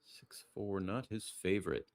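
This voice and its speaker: Low and gravelly, a play-by-play commentator's voice moves at a measured pace through live backgammon commentary. He keeps things relaxed and chatty, reading viewer shout-outs between moves, and stays hushed so nearby players can't hear.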